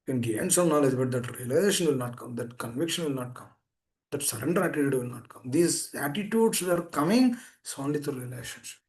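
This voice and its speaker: A man giving a sermon over an online meeting call, emphatic and pleading, swinging between raised urgent lines and hushed low ones. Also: animated, a little fast. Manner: repeats pleading appeals to the listeners. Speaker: preacher.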